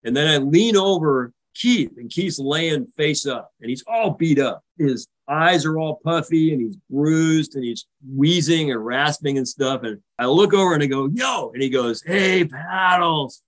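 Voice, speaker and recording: An older American man, a retired naval officer, recounts a tense carrier landing in a vivid, animated way during a podcast interview. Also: a little high, unhurried, few pauses, rough recording. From United States. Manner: vivid, animated retelling, acting out radio calls. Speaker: guest.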